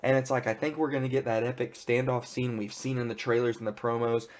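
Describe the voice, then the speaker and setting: A man casually retelling a TV episode in an excited, rambling way, full of filler words. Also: mid-range voice, fast talker. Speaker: pop culture reviewer. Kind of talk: casual spoiler recap.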